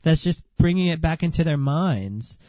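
A man's voice: a little high, expressive, moderate pace, warm tone, dry recording. A man hosting a solo podcast rant, sarcastic and dismissive, and sounding a bit under the weather. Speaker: podcast host.

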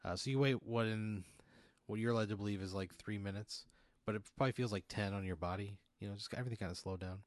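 A man narrates an improvised role-play scene as game master, rambling and full of fillers. His voice sits fairly low. The sound is dry and close. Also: fast talker, dry recording.

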